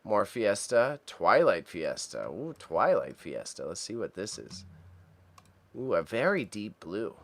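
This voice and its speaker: This livestream host has a fairly low, sing-song voice, unhurried and fairly bright in tone. Chatty and upbeat, he addresses viewers in the chat and reacts to auction items, stumbling over difficult words as he reads their names.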